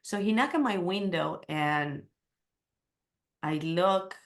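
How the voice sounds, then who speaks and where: Middle-aged woman guest, lowish voice, candid personal storytelling with slight non-native grammar. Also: animated, slow pace.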